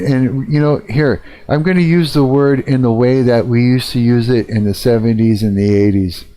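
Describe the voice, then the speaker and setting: A man's voice: medium pitch, warm tone. A middle-aged man ranting casually on a live stream, swearing a lot and rambling with fillers.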